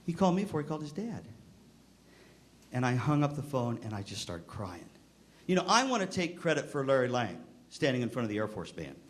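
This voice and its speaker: Animated middle-aged man telling stories on stage. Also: medium pitch, a little fast. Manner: animated, acts out the voices in his stories. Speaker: keynote speaker to band directors. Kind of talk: storytelling speech to a live audience. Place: convention hall.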